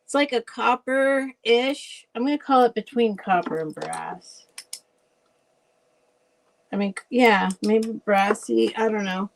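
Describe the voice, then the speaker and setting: A woman hosting a casual live vintage sale, chatty and rambling, laughing often and thinking out loud. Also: fairly high pitch, slow pace, vocal fry, slight background noise, rough recording. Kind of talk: casual live selling chat.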